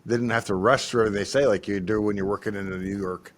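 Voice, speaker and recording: A man hosting a casual livestream Q&A, answering in a measured way with dry humor. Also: on the low side, fairly even intonation. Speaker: host.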